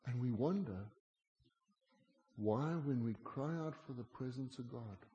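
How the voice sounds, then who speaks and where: A man preaching a sermon, moving between quiet, intimate asides and loud, emphatic lines. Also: mid-range voice, a little slow, reverberant, highs cut off.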